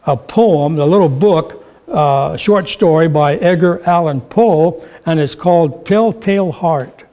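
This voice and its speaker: Man, preacher, high voice, sermon, storytelling. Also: darkish tone. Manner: storytelling, acting out quoted voices.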